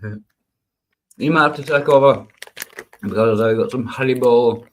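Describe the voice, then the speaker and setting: A man's voice: mid-range voice, moderate pace. A man hosting a casual livestream panel, laughing often and joking crudely with his guests. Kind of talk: casual chat.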